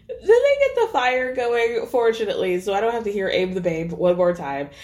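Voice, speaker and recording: A young adult woman hosting a podcast, recapping in a casual, animated way with voiced asides. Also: lowish voice. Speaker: podcast host.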